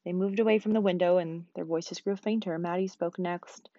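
A woman teacher reading a novel aloud, quick and expressive. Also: lowish voice, no room sound, dull audio.

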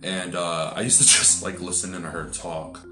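A man's voice: low-pitched, level tone, normal speed, echoey room, music in the background. A man chatting casually as a podcast co-host, rambling with lots of fillers and swearing. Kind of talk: casual chat.

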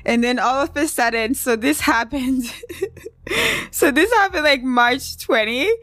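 A woman's voice: high voice, moderate pace, fairly bright tone, no echo, clean studio sound. A woman hosting a casual solo podcast, talking bluntly and with outrage, often breaking into laughter. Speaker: podcast host.

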